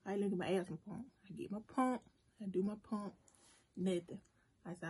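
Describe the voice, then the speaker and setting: A woman with a mellow, slightly husky voice tells a personal story in a loose, chatty way. She talks directly to her viewers and keeps the delivery animated. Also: on the low side, a little fast. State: emotional at moments, briefly choked up. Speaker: food vlogger. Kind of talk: casual storytime while eating.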